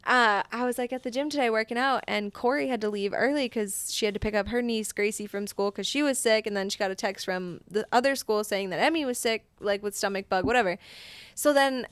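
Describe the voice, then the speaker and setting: A woman's voice: a little high, brisk, smooth, no room sound. A woman co-hosting a podcast in casual chat, telling stories about her young daughter and laughing often. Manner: chatty storyteller, laughs often, acts out her daughter's lines. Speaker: podcast co-host.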